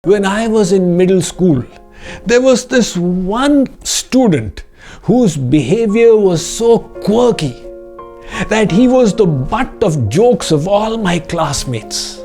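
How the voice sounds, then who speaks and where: A man delivers a spiritual discourse with a high voice and a very slow, measured pace. He tells a moral tale with deliberate calm. Soft music plays behind him. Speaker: spiritual teacher.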